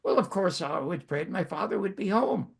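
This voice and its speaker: A man's voice: high-pitched, fairly quick, creaky, husky. A man in his nineties from Canada, telling stories from his life as a host, with a wry, self-mocking humor. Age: 90s. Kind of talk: storytelling monologue.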